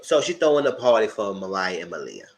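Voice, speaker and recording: Man, low voice, very lively pitch, AAVE, casual reality-show recap, chatty. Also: fairly quick, rough recording. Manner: chatty, animated, jumps into high falsetto when quoting himself. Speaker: TV recap commentator.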